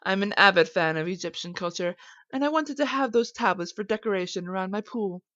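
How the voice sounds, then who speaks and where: A cold, haughty rich woman, as a woman reads her lines, speaking in a curt, dismissive way. The sound is dry and dull, like a lo-fi game recording. Her pitch stays mid-range. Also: lively intonation, fairly quick, fairly bright tone, no echo, close to an everyday voice. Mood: cool, dismissive.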